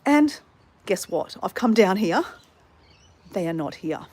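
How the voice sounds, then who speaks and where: A woman's voice: medium pitch, lively intonation, moderate pace, darkish tone, slightly rough. A woman vlogging in her suburban backyard, chatting and venting with swearing and self-mocking asides, recorded on a handheld phone. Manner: chatty, exasperated ranting with swearing, laughing at herself. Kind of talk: casual vlog chat.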